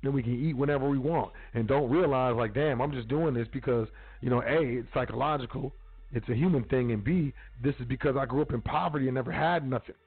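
A man's voice: mid-range voice, fast talker, slightly rough. A man hosting a casual talk show, speaking bluntly with street slang and some profanity. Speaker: podcast host. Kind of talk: casual monologue. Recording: tinny phone-line sound with faint music.

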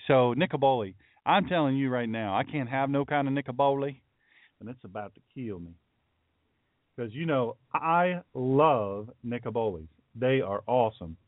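A middle-aged man hosts his own livestream as a pastor, talking in a loose, chatty way full of folksy asides. His voice sits at an ordinary pitch. The sound is dry and narrow, like it is coming through a phone line. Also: dry recording. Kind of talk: casual livestream talk with chat.

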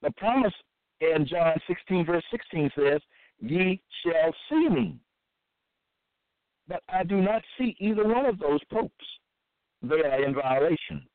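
A man reading scripture aloud in a halting, repetitive monologue, with frequent fillers and restarts. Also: fairly high pitch, lively intonation, dry recording. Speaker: self-styled preacher. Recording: dry, tinny phone-like sound.

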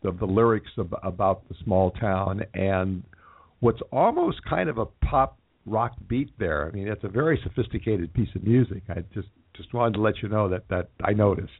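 A man hosting a radio interview, asking questions in halting phrases with many filler sounds. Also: lowish voice, slightly rough. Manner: halting, many uhs and restarts. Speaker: radio host. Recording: tinny phone-like line.

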